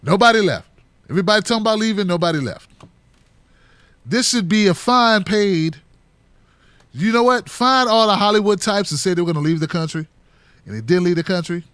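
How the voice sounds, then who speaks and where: A middle-aged man talks through a relaxed solo commentary with a fairly high voice. His delivery is loose and joking, and he keeps slipping into mock voices of other people. The sound is close and dry. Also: fairly quick, smooth, no room sound. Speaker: political commentary host.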